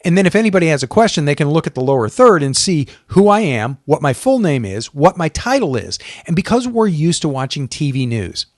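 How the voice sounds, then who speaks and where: A man's voice: fairly high pitch, big pitch swings, fairly quick, few pauses, no echo, clean studio sound. A man giving a casual to-camera lesson on presenting, friendly and conversational, with demonstrations. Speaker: video coach.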